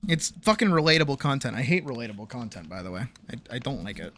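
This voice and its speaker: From a home streaming setup, a fast-talking streamer with a medium-pitched, sing-song, slightly bright voice chats casually with viewers. The talk is rambling and profane, often cut off mid-sentence and broken up by laughter.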